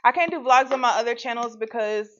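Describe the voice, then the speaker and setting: A woman's voice: on the high side, fast. A young adult woman hosting a casual live stream and chatting straight to her viewers in a rambling, talkative way. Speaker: host of her own channel, live stream. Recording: dull lo-fi sound.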